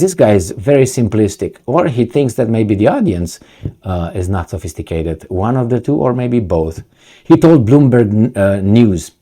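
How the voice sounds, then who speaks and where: A man's voice: mid-range voice, mellow. A man reading a news article aloud and breaking off into combative, sarcastic commentary, often losing his words and restarting. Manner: combative, sarcastic, heated asides. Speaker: political commentator.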